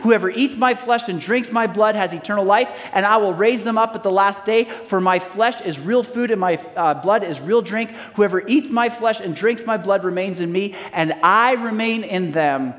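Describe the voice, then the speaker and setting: A pastor with a notably high, slightly bright voice reads scripture during a sermon and asks the congregation to call out answers. He keeps a moderate pace with hardly any pauses, and long reverb from a large hall rings around him.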